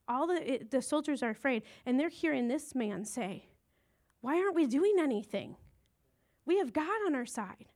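A woman's voice: fairly high pitch, darkish tone. A woman teaching a casual Bible lesson, retelling a story in a chatty, informal way with slang asides.

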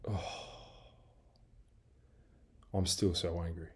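A man's voice: low-pitched, level tone, extremely slow, fairly bright tone, husky. An Australian man hosting a solo podcast, ranting angrily with lots of swearing and rambling asides. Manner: angry, heavy swearing, rambling rant; self-described big guy who coaches team training. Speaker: podcast host.

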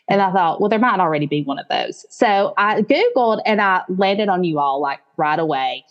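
This late-forties woman with a Southern US accent talks briskly, with hardly any pauses, in a medium-pitched voice over a muffled recording. As a podcast guest and business founder, she tells her story warmly and animatedly, quoting what she was thinking.

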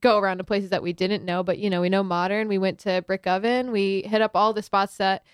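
Chatty young woman with a smooth voice. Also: medium pitch, fairly quick, no room sound, studio quality. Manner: chatty, many filler likes, animated retelling. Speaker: student filmmaker guest. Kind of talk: casual interview chat.

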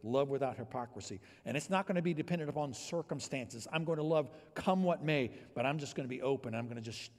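A male pastor delivers a sermon in a husky, slightly breathy voice of middling pitch. His delivery moves between hushed, intimate near-whispers and loud, emphatic declarations. The sound carries the long reverb of a church hall. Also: fast talker, hardly any pauses.

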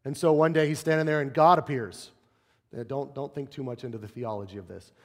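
A pastor preaches a sermon in a brisk, mid-range male voice, telling stories animatedly and acting out the quotes he cites. The recording carries the long reverb of a large hall.

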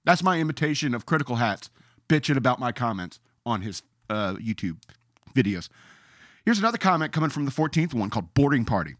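A man's voice: medium pitch, very animated, brisk, fairly bright tone, no room sound, studio quality. A man ranting in a sarcastic, emphatic way as a podcast host, now and then reading out his own comments in a mocking voice.

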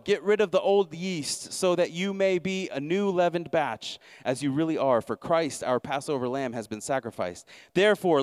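A man's voice: fairly high pitch, smooth, no room sound. Emphatic male pastor preaching. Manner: emphatic, repeats key lines, wry asides. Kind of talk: sermon.

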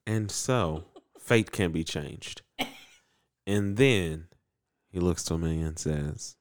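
A man casually recapping an anime episode, animated and acting out the characters in quick voices. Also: deep voice. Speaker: podcast co-host recapping an anime. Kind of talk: casual chat.

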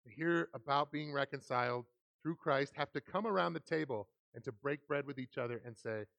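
A man's voice: medium pitch, fairly quick, gravelly, a bit bright, no echo. A man, a pastor, preaching a sermon, telling stories about himself with self-deprecating humor and reading scripture earnestly. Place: church sanctuary.

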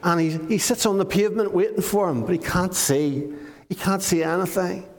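A man giving a lively storytelling sermon to children in church, often asking his listeners questions. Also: high-pitched, normal speed. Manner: animated, asks the listeners questions. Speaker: preacher giving a children's talk. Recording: long reverb of a large hall.

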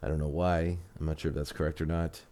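A man's voice: a bass voice, little pitch movement, fast, mellow. A man hosting a podcast, chatting casually with rambling restarts, then narrating a story. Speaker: podcast host.

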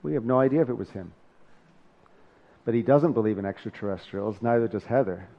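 A man's voice: on the low side, brisk. Man preaching a conversational sermon, muffled recording. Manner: conversational and joking between scripture readings. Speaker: pastor.

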